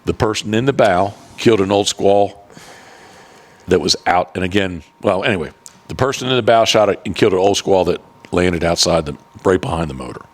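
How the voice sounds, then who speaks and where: Deep-voiced, rambling man hosting. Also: a little fast. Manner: rambling and profane, with many restarts. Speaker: podcast host and duck hunting guide. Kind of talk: casual chat.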